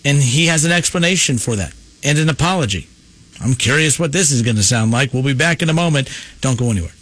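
A man hosting a sports radio show, moving briskly between segments in an upbeat, announcer-like way. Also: mid-range voice, expressive, fairly bright tone, slight background noise. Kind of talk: radio host segue.

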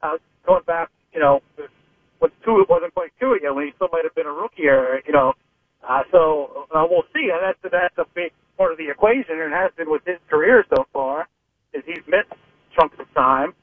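A man's voice: a little high, moderate pace, no echo. A man from Pittsburgh, a sports reporter calling into a radio show, talking in rambling, hesitant sentences full of restarts. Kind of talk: phone-in sports radio analysis. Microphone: phone. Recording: narrow phone line.

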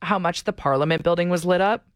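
A woman co-hosting a morning radio show, playful and teasing in animated, casual banter. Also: fairly low pitch, fast talker, no room sound, clean studio sound. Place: radio studio. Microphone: studio microphone.

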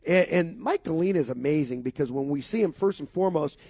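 A man's voice: on the high side, expressive, fast talker, dark tone, slightly rough, no room sound. A man from co-hosting a sports radio talk show, talking with enthusiasm and emphasis.

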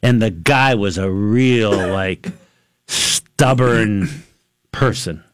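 A man, an attorney and regular on a radio show, telling stories in casual chat, animated and laughing often. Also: lowish voice, drawn-out words, clear, resonant tone. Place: radio studio. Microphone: studio microphone.

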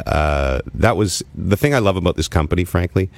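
A man's voice: low-pitched, animated, fairly quick, vocal fry, dry recording. A man with an Ottawa Valley accent hosting a casual podcast, telling stories and laughing often. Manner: storytelling, laughs often, acts out quotes. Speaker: podcast host.

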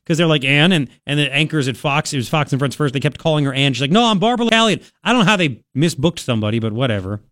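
A man hosting a political talk radio show, rambling and sarcastic in an animated way. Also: mid-range voice, fast talker, hardly any pauses, dry recording, studio quality.

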